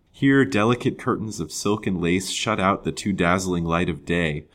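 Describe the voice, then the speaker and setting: Deep-voiced male narrator for a serialized period novel, measured delivery. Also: a bit bright. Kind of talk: audiobook story reading.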